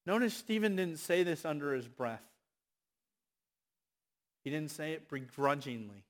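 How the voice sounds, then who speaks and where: Slow, impassioned male preacher. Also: fairly high pitch, sing-song. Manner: impassioned, swinging between loud exhortation and hushed asides. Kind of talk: sermon.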